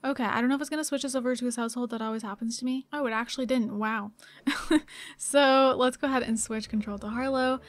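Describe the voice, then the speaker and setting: A young woman giving casual, excitable commentary while playing a life-sim game, chatty and quick to gasp and giggle. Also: on the high side. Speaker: gaming channel host.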